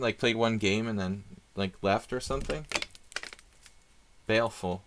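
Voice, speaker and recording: A man's voice: lowish voice, a little slow, fairly bright tone. A man doing live chess stream commentary, chatty and thinking aloud with rambling asides.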